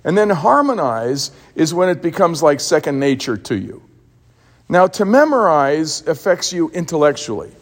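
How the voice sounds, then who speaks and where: A man's voice: fairly high pitch, very animated, moderate pace, in a large hall. A man preaching a sermon as a pastor, telling stories with emphatic repeated words.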